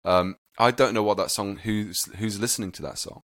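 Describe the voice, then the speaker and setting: A man with a low voice speaks earnestly and thoughtfully as a podcast guest, with the odd hesitant "um". The sound is dry and close. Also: fairly even intonation, moderate pace, fairly bright tone, no echo. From United Kingdom. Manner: earnest, reflective, some hesitant fillers. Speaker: guest musician. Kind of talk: casual interview chat.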